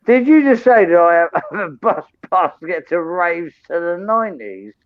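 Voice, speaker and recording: A tipsy British man co-hosting a late-night stream. He is loud and sweary and rants with a bouncy, lively swing in his voice. The sound is dry and a bit muffled. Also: high voice, normal speed, no echo. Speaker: live stream co-host. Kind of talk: boozy late-night chat.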